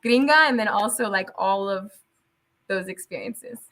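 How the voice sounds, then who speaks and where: Bright-voiced woman telling lively stories. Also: medium pitch, moderate pace, a little hiss or hum. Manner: animated storytelling, laughs often, switches into Spanish. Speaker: teacher guest. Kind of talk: casual interview chat.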